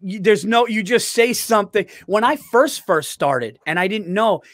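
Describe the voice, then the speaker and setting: Comedian, male, high voice, rambling storyteller who laughs at his own jokes; dry, close sound. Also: expressive, normal speed, fairly bright tone, no echo. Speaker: stand-up comedian. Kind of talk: casual podcast chat.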